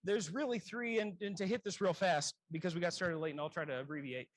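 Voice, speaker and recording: High-voiced man giving a casual lecture. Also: fairly quick, slight background noise, rough recording. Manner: conversational, self-correcting, frequent throat clearing. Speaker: emergency medicine lecturer.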